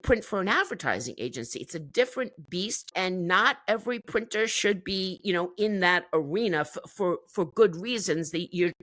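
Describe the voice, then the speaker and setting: Woman, lower-pitched, chatty, enthusiastic, interview guest, dry close sound. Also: normal speed, hardly any pauses, fairly bright tone, no room sound. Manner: chatty and enthusiastic, laughs while talking. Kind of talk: casual interview chat.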